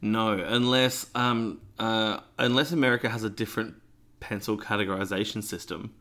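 A man's voice: lowish voice, fairly even intonation, moderate pace, sharp tone. A man co-hosting a podcast in laid-back casual chat, dropping dry quips. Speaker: podcast co-host.

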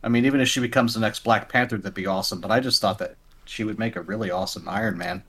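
A man's voice: on the low side, very fast, fairly bright tone, breathy edge. A man co-hosting a casual podcast chat, talking with eager enthusiasm and frequent restarts. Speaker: podcast co-host.

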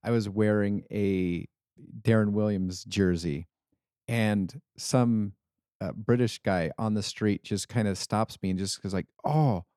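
A man from Utah co-hosting a casual podcast chat, telling animated anecdotes. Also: fairly low pitch, unhurried, clean tone, no echo, clean studio sound. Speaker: podcast co-host.

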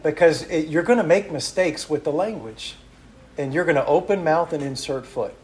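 A man's voice: on the high side, moderate pace, echoey room, a little hiss or hum. A man preaching a sermon as a missionary, telling stories and acting out quotes. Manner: animated, acts out quotes.

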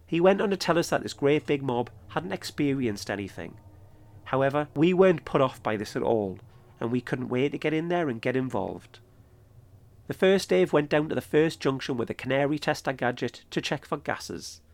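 Man, podcast host, scripted narration, calm measured telling, mid-pitched voice. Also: creaky.

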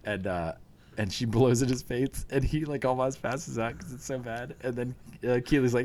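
A man's voice: medium pitch, moderate pace, a little mellow. A man in casual chat, retelling scenes from a show with eager, rambling enthusiasm.

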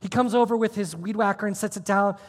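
A man pastor preaching a sermon, telling a personal story with sudden swings between hushed, almost whispered lines and loud, emphatic ones. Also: high-pitched, quick pace, long reverb tail. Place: church auditorium.

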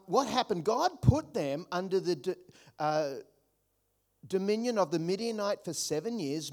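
A man preaching a sermon as pastor, earnest, often repeating words and building up emphasis. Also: on the high side.

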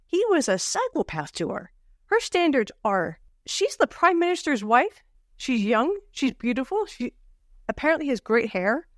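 A woman co-hosting a casual book podcast, sardonic and animated, with the odd swear. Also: sits high, moderate pace, dry recording, clean studio sound. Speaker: podcast co-host. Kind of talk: casual book-club chat.

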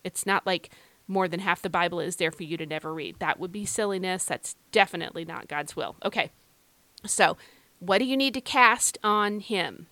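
A woman's voice: fairly low pitch, normal speed, pushed and bright, no echo. Earnest Irish woman, dry close sound. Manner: earnest, encouraging, conversational. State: recovering from feeling unwell. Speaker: podcast host. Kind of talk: devotional Bible podcast talk.

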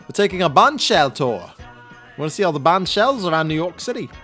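A man putting on a fussy, deadpan band manager with a New Zealand accent, earnestly running a meeting. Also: a little high, fairly quick, faint music behind, pitched above the performer's own voice. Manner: deadpan, earnest roll-call delivery.

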